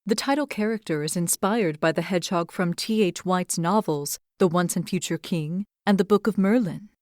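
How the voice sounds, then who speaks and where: A young adult woman hosting a podcast, reading fairy tales aloud and reflecting on faith in an earnest, expressive way. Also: lowish voice, moderate pace, no echo, studio quality. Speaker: podcast host and storyteller. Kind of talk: storybook narration and devotional reflection.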